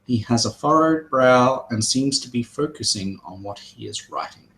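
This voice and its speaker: A man's voice: medium pitch, lively intonation, normal speed, fairly bright tone, poor audio. A man running a tabletop game as game master, describing scenes loosely with many fillers.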